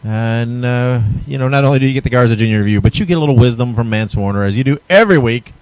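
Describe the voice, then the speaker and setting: A man's voice: medium pitch, fast talker, darkish tone, smooth, no room sound, rough recording. A man hosting a wrestling podcast, chatting casually and reading out plugs for upcoming shows. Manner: easygoing, chatty, reads show plugs. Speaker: podcast host.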